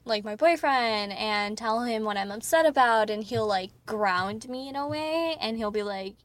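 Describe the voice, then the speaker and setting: A woman's voice: a little high, expressive, moderate pace, few pauses. A woman in her twenties co-hosting a podcast, chatting casually with lots of fillers and giggles. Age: 20s. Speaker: podcast co-host. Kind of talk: casual chat.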